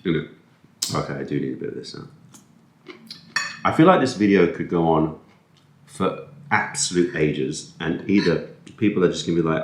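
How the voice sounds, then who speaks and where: A man with a deep, low voice rambles on in a relaxed, self-mocking way, stumbling over words as he eats. He is recorded on a camera-mounted mic in an echoey room. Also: brisk, long pauses, slight background noise. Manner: rambling, self-deprecating, talks with food in mouth. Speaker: food vlogger. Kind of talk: casual chat while eating. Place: indoors at a table, eating.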